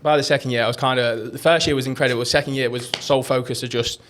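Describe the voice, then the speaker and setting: A young man talking at a quick clip in relaxed podcast conversation. He rambles from one anecdote to the next, restarting sentences and dropping in casual swearing, at a middling pitch. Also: slight background noise. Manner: rambling storyteller, swears freely. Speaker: podcast co-host. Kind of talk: casual chat.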